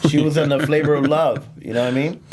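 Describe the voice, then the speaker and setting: A man's voice: a little high, steady tone, quick pace, a little mellow. Laughing, rambling male comedian telling stories. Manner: rambling, laughs often, lots of fillers and restarts. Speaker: stand-up comedian. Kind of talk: casual podcast storytelling.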